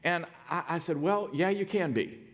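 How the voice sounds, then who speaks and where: A middle-aged man preaching a sermon, telling stories and moving from hushed, quiet passages to loud, emphatic points. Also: a little high, normal speed, big-room sound. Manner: storytelling, dynamic swings from hushed to loud emphatic. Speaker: pastor.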